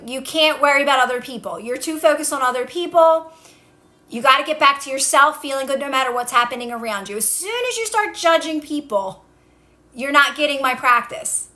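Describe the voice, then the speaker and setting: A woman on a phone livestream, coaching viewers in a casual way, repeating calm instructions and answering their comments. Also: high voice. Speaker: manifestation coach. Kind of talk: casual TikTok live talk.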